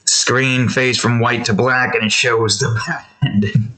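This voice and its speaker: A man's voice: mid-range voice, little pitch movement, a little slow, bright, forceful tone. A man chatting casually while drawing, rambling through joking tangents and laughing often. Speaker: artist and channel host.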